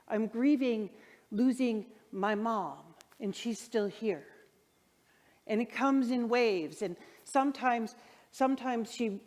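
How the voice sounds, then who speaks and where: A middle-aged woman minister giving a heartfelt, conversational sermon, often putting questions to the congregation. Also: a little high. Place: church sanctuary. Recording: long hall reverb in a sanctuary.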